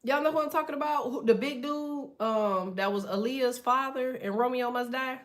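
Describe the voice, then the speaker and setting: Slangy, chatty woman, higher voice. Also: normal speed. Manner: slangy, animated storytelling with frequent laughs. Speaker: tarot card reader. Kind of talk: casual chatty reading to viewers.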